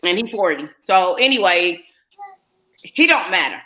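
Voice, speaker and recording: This is a woman in her forties with a North Carolina accent and a bright, forceful voice. She talks loosely and chattily, like she is hosting a casual live stream for friends. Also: fairly low pitch, expressive, measured pace, poor audio. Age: 40s. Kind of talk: casual chat.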